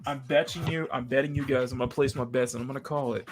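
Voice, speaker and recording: A woman's voice: very deep voice, steady tone, fast, slight background noise. A woman hosting a casual livestream chat while drawing, emphatic and playful, dropping the odd swear. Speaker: host, drawing on stream.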